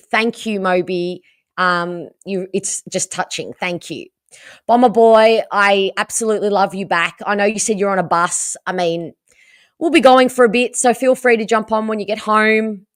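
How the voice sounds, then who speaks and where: An Australian woman hosting a casual livestream, hoarse from losing her voice and chatting with viewers about the game. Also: medium pitch, no echo, clean studio sound. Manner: chatty and animated, reading out viewer comments. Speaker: livestream host.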